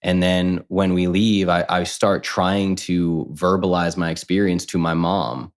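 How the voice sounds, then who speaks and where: A man in his thirties, a podcast guest, telling a personal story in casual conversation, candid and animated, acting out what others said. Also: low voice, a little slow. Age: 30s. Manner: candid, animated, quotes people in lively voices.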